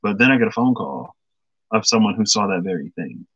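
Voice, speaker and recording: A man's voice: fairly low pitch, sing-song, a little fast, fairly bright tone, slightly rough, dry recording, muffled recording. A man giving a casual tarot reading to viewers, thinking aloud with many fillers and stopping to greet commenters by name. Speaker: tarot reader.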